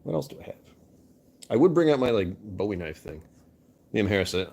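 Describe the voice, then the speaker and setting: A man's voice: on the low side, very animated, brisk, vocal fry, a little mellow, husky. Jokey, self-mocking man chatting to viewers. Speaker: streamer reading chat. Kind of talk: casual live-stream chat.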